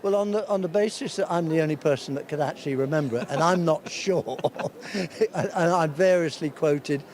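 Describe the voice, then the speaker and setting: Older guy, rambly storyteller, bit high voice, faint noise behind. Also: normal speed, a little mellow. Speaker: awards founder interviewed. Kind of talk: anecdotal interview chat.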